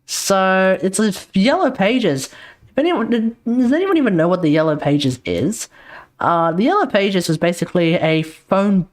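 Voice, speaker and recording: A man's voice: high voice, very animated, measured pace. An Australian man chatting casually as a streamer, laid-back and explaining things while swearing freely. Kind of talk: casual chat while reacting to a video.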